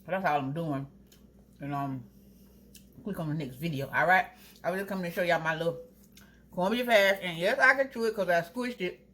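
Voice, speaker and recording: A young woman in braces chatting casually to her viewers while she cooks at home, talking straight to them with drawn-out asides. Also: lowish voice, a bit bright, slight background noise. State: wearing new braces, teeth clanging. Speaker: vlogger. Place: home kitchen. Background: food sizzling in a pan.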